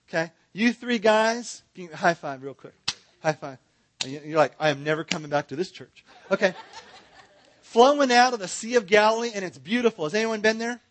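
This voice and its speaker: A man teaching a Bible seminar in a church, joking with and directing his audience. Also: high voice.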